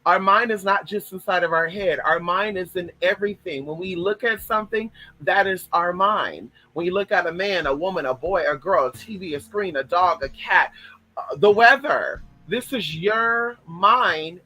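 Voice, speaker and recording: A man with a fairly high voice talks casually and emphatically to his audience about spiritual matters. He keeps circling back on his points and checking in with the listener. His tone is bright and forward. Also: moderate pace, dry recording, soft background music, poor audio. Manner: emphatic, repetitive, talks straight to viewers with frequent "right?" and "y'all". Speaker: spiritual vlogger. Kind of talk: casual spiritual talk to camera.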